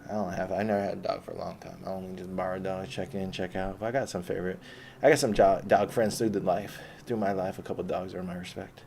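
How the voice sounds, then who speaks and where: Gravelly, rambling, foul-mouthed man. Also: low voice, steady tone, fast, darkish tone, slight background noise. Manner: rambling, heavy swearing, laughs often. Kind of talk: rambling profane monologue.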